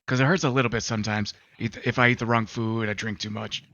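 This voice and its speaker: A man's voice: lowish voice, fairly even intonation, quick pace, fairly bright tone, no room sound. A man co-hosting a gaming talk show, rambling casually with lots of fillers and acting out quotes. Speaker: podcast co-host. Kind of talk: casual chat and storytelling. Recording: slightly dull sound with faint music.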